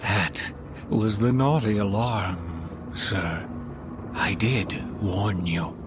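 A man's voice: lowish voice, steady tone, extremely slow, over music. An actor playing a smug, menacing male elf flight attendant in a horror audio drama, mockingly polite and taunting.

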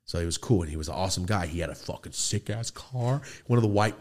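A man hosting a studio podcast, telling animated stories and acting out the people in them. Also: low voice, fast talker. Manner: animated storyteller, acts out quoted people, swears freely. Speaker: podcast host. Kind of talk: casual storytelling chat.

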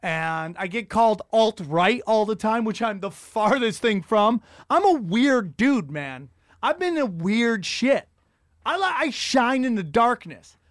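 A man's voice: extremely high pitch, no room sound, clean studio sound. A man hosting a casual chat, telling rambling, profane, self-mocking stories.

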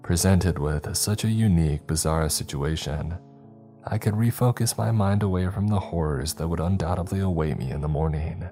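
A man reading a scripted horror story as narrator in a measured, somber way. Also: low voice, dark tone, soft background music.

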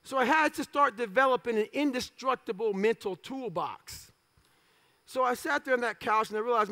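Blunt, gravelly high-voiced male speaker. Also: moderate pace, sharp tone. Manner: blunt, profane, self-mocking humor; punchy clipped phrases. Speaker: motivational speaker. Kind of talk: motivational speech storytelling.

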